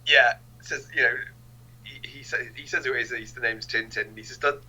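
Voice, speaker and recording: A man's voice: mid-range voice, steady tone, fairly quick, pushed and bright, breathy edge, muffled recording. A man co-hosting a casual film review podcast, hesitant and repeating words as he recalls scenes. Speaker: podcast co-host.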